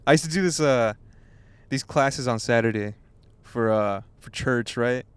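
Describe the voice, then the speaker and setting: Smooth-voiced young man rambling casually. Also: medium pitch, no echo. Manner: rambling, halting restarts, swears freely. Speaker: podcast co-host. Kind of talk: casual chat.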